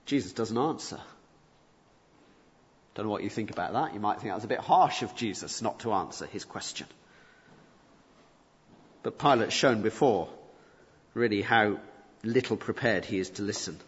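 A man's voice: mid-range voice, breathy edge. Man preaching in an echoing hall. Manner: animated, rising emphasis on key points, rhetorical questions. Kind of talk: expository sermon. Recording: muffled reverberant hall recording.

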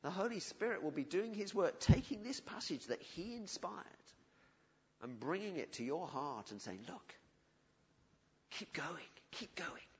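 A man preaching a sermon in earnest, pleading tones, often dropping to a soft, quiet voice. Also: sits high, big pitch swings, normal speed, slightly rough. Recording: dull audio with long hall reverb.

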